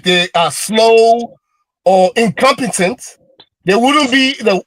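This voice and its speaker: A man arguing heatedly on a panel, stumbling over fillers and then shouting, swearing and daring others to bet. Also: sits high, no room sound, low-quality recording. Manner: swears and dares bets. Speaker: panel guest. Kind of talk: heated debate.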